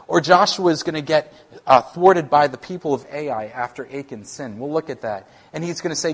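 A man's voice: on the high side, fairly quick. Man preaching a conversational sermon. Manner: conversational, animated, self-deprecating with laughs. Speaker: worship pastor.

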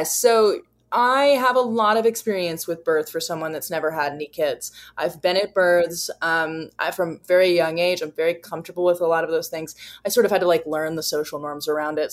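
A woman co-hosting a podcast, talking earnestly and reflectively in casual chat, with frequent fillers. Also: on the low side. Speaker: podcast co-host.

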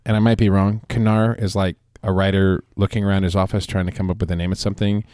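A man co-hosting a casual podcast, cracking dry jokes in a deadpan way. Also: deep voice, quick pace, dry recording. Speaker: podcast co-host. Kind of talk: casual chat.

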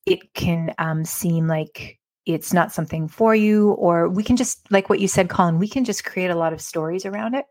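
Woman podcast host, lowish voice, dry close mic, reflective and inviting. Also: normal speed, few pauses, a little mellow, no echo. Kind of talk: casual podcast chat.

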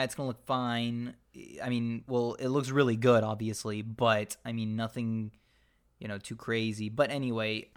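A young man co-hosting a relaxed film review chat. He is opinionated and rambling, with plenty of energy, and speaks at an ordinary pitch for a man. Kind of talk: casual chat.

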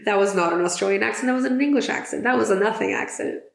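A woman's voice: medium pitch, fast, creaky, roomy sound. A woman hosting a podcast in casual chat, chatty and giggly, swearing casually. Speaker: podcast host.

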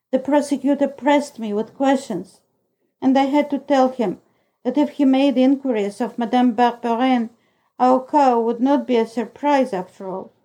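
A woman narrating a novel in the first person, reading in a steady, even storytelling way. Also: high-pitched, rough recording. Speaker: audiobook narrator.

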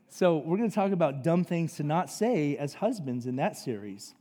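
A man preaching a sermon as pastor, animated and conversational, acting out voices in his stories. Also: a little high, normal speed, few pauses. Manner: animated, acts out quotes, conversational asides. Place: church sanctuary. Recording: long reverb of a large hall.

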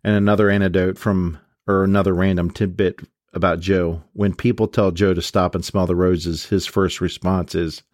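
A man's voice: low voice, moderate pace, hardly any pauses, no room sound, studio quality. A man giving a casual spoken summary of a book, reading out quotes and marking them with "quote" and "unquote". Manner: relaxed, with frequent fillers and restarts. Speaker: book reviewer.

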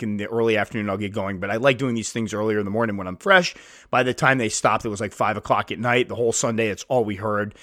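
A man's voice: medium pitch, pushed and bright, no room sound, clean studio sound. A man hosting his own podcast, talking casually and self-deprecatingly, sometimes acting out quoted voices, recorded on a podcast mic at home. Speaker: podcast host. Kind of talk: casual solo podcast talk.

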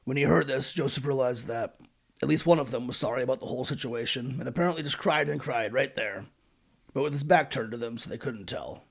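Sarcastic, gravelly male comic narrator. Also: mid-range voice, fairly quick. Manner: sarcastic, profane. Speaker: podcast host. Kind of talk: irreverent comedic narration.

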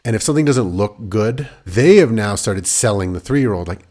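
A man in his thirties co-hosting a podcast, a father of young kids, talking in animated bursts and swearing now and then. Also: on the low side, moderate pace. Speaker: podcast co-host. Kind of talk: casual chat.

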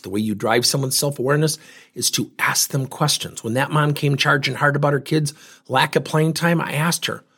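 A man in his fifties and a coach, giving an emphatic motivational talk full of animated storytelling. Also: a little high, vocal fry, breathy edge. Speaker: speaker and coach.

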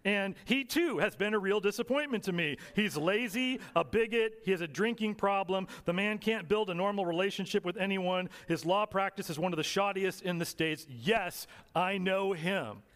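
A man's voice: sits high, moderate pace, a bit bright. A man voicing a blunt, scolding older woman witness in a sermon story, recorded in a reverberant hall. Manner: frank, scolding.

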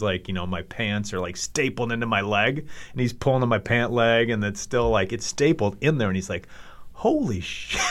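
A middle-aged man from Minnesota telling a story in a profane, laughing way, acting out the other voices. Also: on the low side. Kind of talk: animated storytelling.

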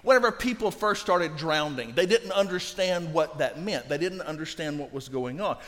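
Male pastor, high voice, emphatic sermon delivery that drops to a hush, long hall reverb. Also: moderate pace. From Louisiana. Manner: emphatic, swinging from loud to hushed.

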